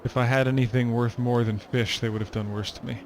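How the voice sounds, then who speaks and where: A man's voice: mid-range voice, fairly even intonation, fairly quick, slight background noise, natural voice. A man voicing a wounded, bandaged fisherman who sounds tired and shaken, answering in short clipped phrases. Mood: weary.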